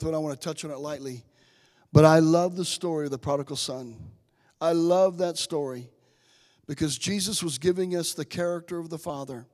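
A man preaching a sermon, impassioned, speaking straight to his congregation and swelling from soft to loud. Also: a little high, in a large hall. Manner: addresses the congregation directly.

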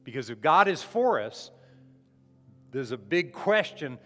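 A man's voice: on the high side, big pitch swings, unhurried, a bit bright, soft background music. A man preaching a conversational sermon as a pastor, often restarting his phrases. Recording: long hall reverb.

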